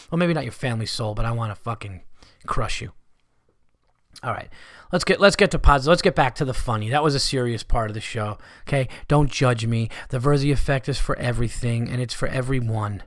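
Profane New comic talking on a dry mic. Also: male voice, medium pitch, no room sound. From New York. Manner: profane, blunt storyteller who rants and riffs. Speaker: stand-up comedian and podcast host. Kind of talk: casual solo podcast monologue.

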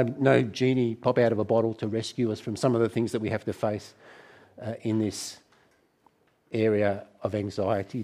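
A middle-aged man preaching a sermon to a church gathering, conversational and warm in tone, with frequent restarts. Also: medium pitch.

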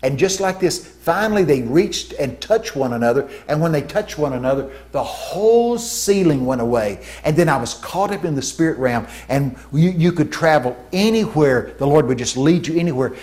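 Animated preacher man with a slightly high voice. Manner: animated storytelling with vocal sound effects; shifts from hushed to shouting for emphasis. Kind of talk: sermon.

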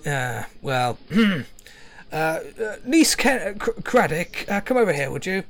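A man's voice: a little high, sing-song, measured pace, a loud crowd. A man narrating as game master in a tabletop game, dry and hesitant with wry asides.

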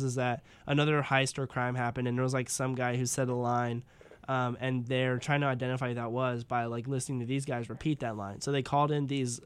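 A man talking casually as a host, rambling along with plenty of "like" and "um" and laughing easily. His voice is smooth and resonant, pitched in an ordinary middle range. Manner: rambling, many fillers, laughs often. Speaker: podcast host. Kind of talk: casual chat.

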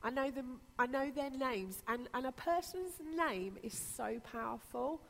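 A woman pastor preaching a sermon with earnest, repetitive emphasis. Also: high-pitched. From Britain. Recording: long reverb of a church hall.

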